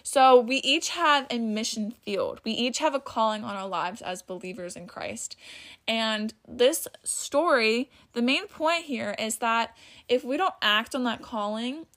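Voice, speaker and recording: Woman, podcast host, casual Bible talk, slightly high voice, chatty, stutters now and then. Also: measured pace, fairly bright tone. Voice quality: stutters at times. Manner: chatty, says "like" often; loses her place and restarts.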